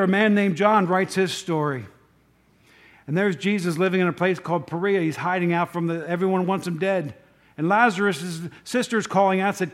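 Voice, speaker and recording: Chatty male pastor, slightly high voice. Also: normal speed, a bit bright. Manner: conversational, asks the congregation questions; rambling, with asides. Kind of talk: sermon.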